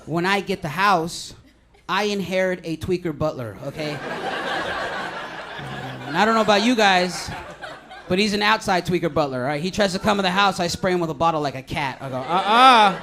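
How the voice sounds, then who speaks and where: A young man doing a rambling stand-up set in a comedy club, deadpan and crude, high on edibles. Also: normal speed, slight background noise.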